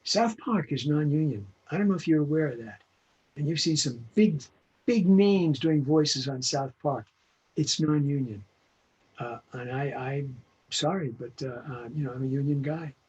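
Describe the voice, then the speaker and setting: An older man with a husky, slightly higher voice talks bluntly and emphatically, hammering home practical advice. The audio is dull and lo-fi, as from a video call. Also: normal speed, a little mellow. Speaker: veteran voice actor guest. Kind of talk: interview over video call.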